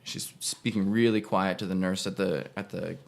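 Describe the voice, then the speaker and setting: A young man with a low, gravelly voice tells a personal story in a relaxed, casual way. He rambles and corrects himself as he goes. He slips into small voices when he quotes people. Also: moderate pace. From Canada. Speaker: actor and podcast guest.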